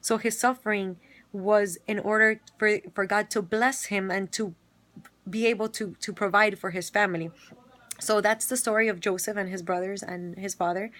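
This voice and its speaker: A woman's voice: mid-range voice, steady tone, moderate pace, fairly bright tone, slight background noise. A woman casually retelling a Bible story, filling it with quoted dialogue and everyday fillers.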